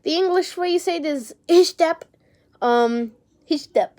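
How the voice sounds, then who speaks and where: A woman's voice: extremely high pitch, a little slow, warm tone. A young woman talking casually to camera, rambling and unsure, with casual swearing and lots of fillers. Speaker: vlogger.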